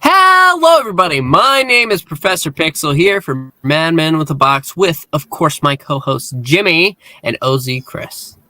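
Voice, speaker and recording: A man hosting a casual podcast chat, upbeat and quick to laugh. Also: a little high, animated, pushed and bright. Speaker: podcast host.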